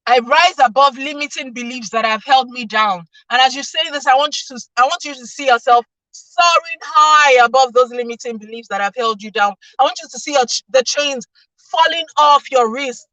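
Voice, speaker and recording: A woman's voice: fairly high pitch, pushed and bright, no room sound. A woman giving a faith-based motivational talk, emphatic and repeating her lines for effect. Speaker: motivational speaker. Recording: distant mic, dry sound.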